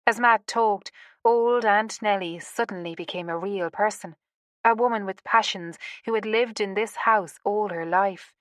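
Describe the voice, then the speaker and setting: A woman narrating a romance audiobook in a calm, even storytelling manner. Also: medium pitch, measured pace, no room sound, studio quality. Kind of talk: scripted narration.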